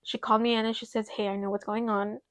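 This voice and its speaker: A young woman co-hosting a podcast, telling a personal story in an animated way and close to tears. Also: mid-range voice, quick pace, no room sound. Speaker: podcast co-host. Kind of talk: casual chat.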